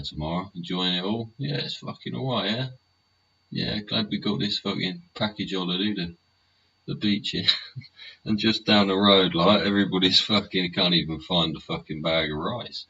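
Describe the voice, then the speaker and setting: Speaking in an extremely low voice with a sharp tone, a man runs a live solo show from his home, rambling and cursing constantly while ending his points with tag questions. The sound is muffled and lo-fi, with a faint hiss.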